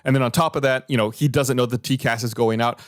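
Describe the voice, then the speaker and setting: A man's voice: mid-range voice, steady tone, fast, dry recording, studio quality. A man hosting a podcast, explaining events and reading findings in a loose, conversational way. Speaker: podcast host. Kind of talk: casual podcast discussion.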